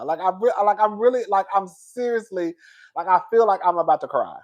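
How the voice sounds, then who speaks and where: A man's voice: sits high, lively intonation, brisk. A man hosting a casual livestream, exasperated and repeating himself as he talks to his viewers. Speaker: livestream host.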